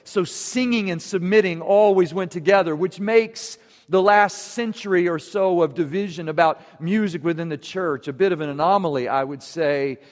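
A man's voice: high-pitched, moderate pace. A man preaching a sermon to his congregation, earnest and emphatic. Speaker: pastor. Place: church sanctuary. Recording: long church reverb.

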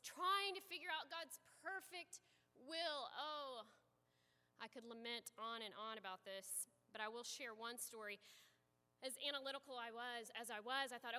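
A woman preaching a sermon as an animated storyteller, swinging from loud to hushed, heard with echoey sanctuary reverb. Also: on the high side. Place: church sanctuary.

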